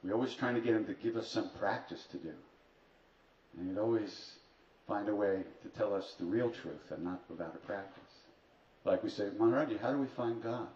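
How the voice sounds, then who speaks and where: A spiritual teacher with a voice on the low side, a little mellow and at normal speed, tells comic stories to people at a retreat, full of dry wit and self-mockery. A little hiss or hum is audible. The retreat hall recording is distant, roomy and dull, with faint ambience.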